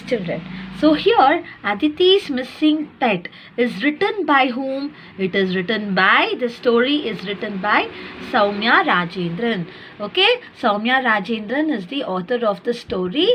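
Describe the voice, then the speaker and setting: A high-pitched woman with an Indian English accent teaches young children in a recorded lesson. She reads a story aloud and stops often to explain words. She checks in patiently with a steady run of questions. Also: husky. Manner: patient, checks in with repeated "okay?". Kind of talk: online class lesson, reading a story aloud.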